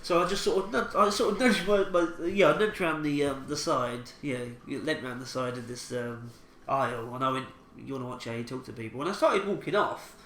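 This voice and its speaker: A man's voice: on the high side, normal speed, a bit bright. A man, telling a rambling anecdote on a podcast with lots of laughs and restarts. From England. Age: 20s. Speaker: podcast co-host. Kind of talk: casual chat, telling an anecdote. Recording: echoey room with faint ambient noise.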